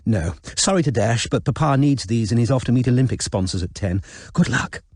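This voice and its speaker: A man voicing a cheery, breezy young upper-class woman who talks in a brisk, hurried way in an audiobook. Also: mid-range voice, lively intonation, darkish tone, husky, no room sound, studio quality.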